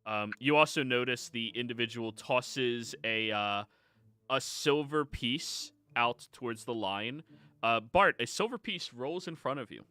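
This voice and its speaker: A man's voice: mid-range voice, measured pace, pushed and bright, no room sound. A man narrating as game master of a tabletop game, playful, humming and laughing.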